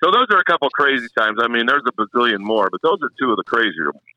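At a racing pace and medium pitch, a middle-aged man who has announced at race tracks for years chats casually, telling stories and animatedly acting out what people said. The recording is dry and low in quality.

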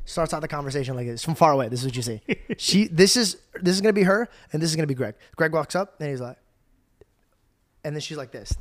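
A man hosting a casual podcast, his voice sitting a touch high. He tells a story with lots of energy and laughter, acting out each scene. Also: fast. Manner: animated, laughs often, acts out scenes. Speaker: podcast host.

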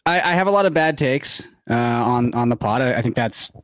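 A man's voice: mid-range voice, animated, brisk, fairly bright tone, no room sound. A man co-hosting a podcast, talking in a wry, teasing way. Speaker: podcast co-host. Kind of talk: casual chat.

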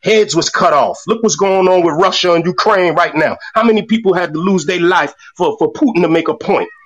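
A man's voice: sits high, a little fast, lo-fi sound. A middle-aged man giving a fiery, profane rant in an online voice room, often stumbling over repeated words. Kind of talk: impassioned rant. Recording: distant, breaking-up phone audio.

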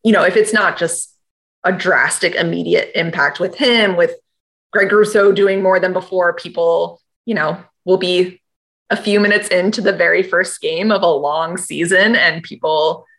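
A woman sports reporter co-hosting a casual sports talk show, thoughtful and relaxed, with many fillers. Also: lowish voice, normal speed.

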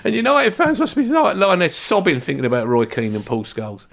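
A man's voice: sits high, fairly quick, vocal fry, faint music behind. A man in casual football chat, ranting and joking with a friend. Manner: animated, ranting, jokey.

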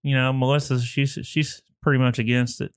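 A middle-aged man, a podcast guest, talking in a relaxed, laid-back way with plenty of filler. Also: mid-range voice, a little fast, clear, resonant tone, dry recording, studio quality. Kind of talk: casual chat.

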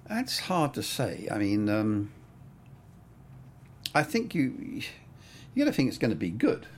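A man's voice: medium pitch, huge pitch swings, measured pace, slight background noise. An older man, a cinematographer, telling stories in a casual interview, rambling with plenty of "I mean" and "you know".

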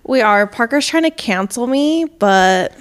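A young woman trades playful jabs as co-host of a casual chat podcast. Her voice sits a little high, and her comebacks land quickly. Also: lively intonation.

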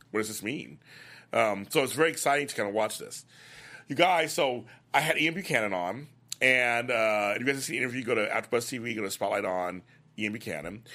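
On his soap opera after-show, a mid-range-voiced man gushes through the week's episodes like he's swapping gossip. He keeps it chatty and slips into the characters' lines to act them out.

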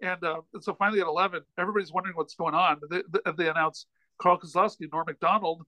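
High, bright-voiced man telling a rambling story. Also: fast talker, dry recording, rough recording. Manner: rambling, animated anecdote with frequent restarts. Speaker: podcast guest, comedian and author. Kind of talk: casual storytelling in a chat.

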